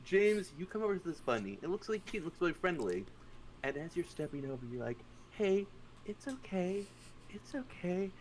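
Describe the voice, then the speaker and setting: A man running a tabletop game as game master, narrating casually and with lots of swearing, jumping into loud voices for the players' characters. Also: a little high, sing-song, fast, a crowd in the background. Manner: profane, laughing, acts out players' lines in bursts.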